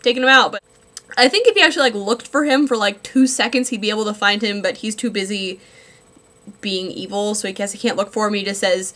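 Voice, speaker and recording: A woman's voice: medium pitch, a little fast, pushed and bright. A woman talks through a comic book review in a loose, unscripted way, filling gaps with ums and likes. Her tone leans dry and sarcastic, and she records at home. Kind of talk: casual spoken review.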